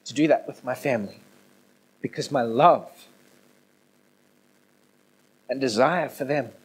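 A male pastor giving a conversational sermon, moving between quiet, intimate passages and raised, emphatic ones. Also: medium pitch, breathy edge, low-quality recording. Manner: conversational preaching with swings from soft to emphatic. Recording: no video, audio only.

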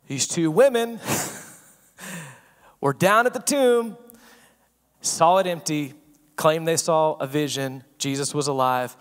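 A man preaching a sermon as pastor, swinging between loud emphasis and hushed asides and asking the room rhetorical questions. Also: a little high. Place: church sanctuary. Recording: long reverb of a church hall.

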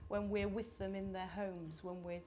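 A middle-aged woman from the United Kingdom speaking at a conference, animated and chatty with laughing asides. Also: mid-range voice, normal speed, slight background noise. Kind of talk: conference talk. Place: conference hall.

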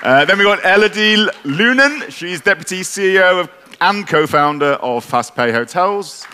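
Bright-voiced man hosting a panel. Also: high-pitched, lively intonation, normal speed, a little hiss or hum. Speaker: roundtable host, trade editor. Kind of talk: stage introductions at a conference.

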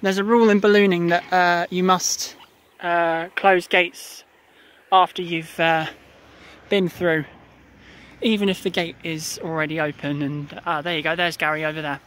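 A balloon retrieve driver giving a casual running commentary outdoors, explaining each step with frequent pauses. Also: medium pitch, flat delivery, a bit bright. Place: outdoors in a field and by a car.

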